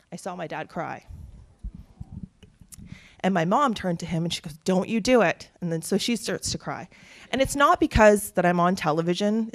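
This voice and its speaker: A woman, giving an earnest speech built on personal stories. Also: mid-range voice. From Canada. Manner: earnest, animated storytelling with quoted voices. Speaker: keynote speaker.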